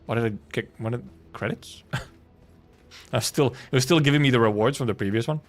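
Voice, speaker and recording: A young man streaming a video game, thinking out loud with playful, swearing, laughing casual commentary. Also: medium pitch, fairly quick.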